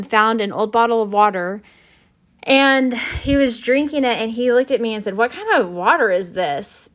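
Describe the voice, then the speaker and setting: A woman with a mid-pitched voice gives an informal nursing lecture. She talks in a loose, conversational way, with frequent fillers and restarts. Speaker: nursing instructor.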